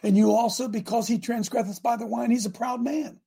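A man hosting a preaching broadcast, reading scripture aloud and breaking into fiery, animated asides. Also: very high voice, brisk, gravelly, husky. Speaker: radio preacher host.

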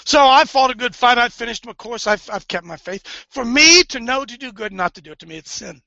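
Gravelly, fervent male preacher. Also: very high voice, lively intonation, brisk, dry recording. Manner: fervent, swings between hushed and loud. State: tearful. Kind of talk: impassioned preaching. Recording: dull lo-fi recording.

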